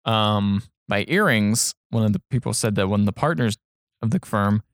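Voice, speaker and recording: A man's voice: lowish voice, fast talker, creaky, no room sound, clean studio sound. A man co-hosting a podcast, casually retelling a film scene by scene and quoting its lines. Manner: rambling recap full of quoted dialogue. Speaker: podcast co-host. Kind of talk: casual movie recap chat.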